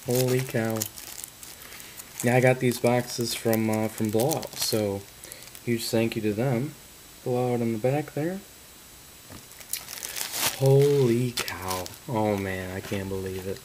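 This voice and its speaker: A man's voice: fairly low pitch, fairly even intonation, slow pace, long pauses, background noise. A man opening trading card boxes on camera, reading out card names and breaking into stunned exclamations. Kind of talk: casual card-break commentary.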